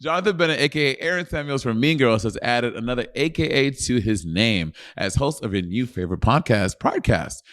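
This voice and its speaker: A man's voice: mid-range voice, no echo. A man co-hosting a comedy podcast, loose and offhand. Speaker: podcast co-host. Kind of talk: casual comedic chat.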